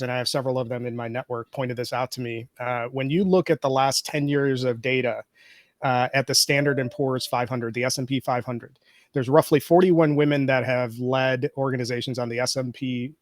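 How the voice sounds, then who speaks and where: A man who is a podcaster, answering interview questions in a measured, explanatory way and walking through data points. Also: medium pitch, no echo, clean studio sound. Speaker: guest, podcaster.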